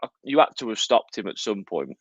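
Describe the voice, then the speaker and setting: A man's voice: fairly low pitch, big pitch swings, a little fast, no echo. A man with a Birmingham accent co-hosting a live podcast, chatty and teasing, talking between bites of food. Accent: Birmingham English. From Birmingham, England. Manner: chatty, teasing, talks while eating. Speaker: podcast co-host. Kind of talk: casual live podcast chat. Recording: dull lo-fi dry sound.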